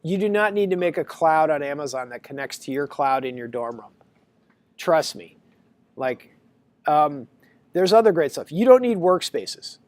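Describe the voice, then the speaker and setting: A man giving a casual university lecture, talking to students in a chatty, animated storytelling way. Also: on the high side, normal speed, no echo.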